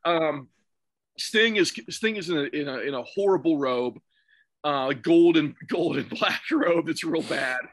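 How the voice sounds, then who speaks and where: A man's voice: a little high, measured pace, a bit bright, no echo. A man on a podcast, chatting casually and laughing as he recounts old wrestling shows. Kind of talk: casual chat.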